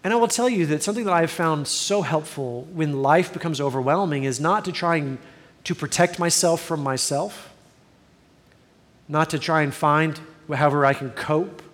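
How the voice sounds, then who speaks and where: A man's voice: fairly high pitch, big-room sound. A man in his forties preaching a sermon as a pastor, earnest and conversational with self-deprecating humor.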